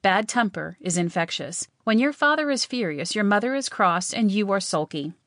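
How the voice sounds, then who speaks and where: A woman voicing a calm, grave male ghost in an audiobook, speaking in a measured, unhurried way. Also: mid-range voice, no room sound. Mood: grave, enigmatic. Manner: measured, never histrionic, dry. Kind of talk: audiobook reading.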